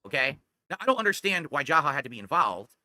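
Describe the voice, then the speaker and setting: A man's voice: a little high, sing-song, fast, bright, forceful tone, no echo. A man in a played clip, telling a personal story in a defensive, rambling way.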